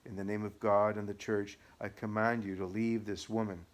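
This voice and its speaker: A man's voice: fairly low pitch, flat delivery, normal speed, close to an everyday voice. A man reading the part of a stern, commanding exorcist priest in an audiobook. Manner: firm, commanding.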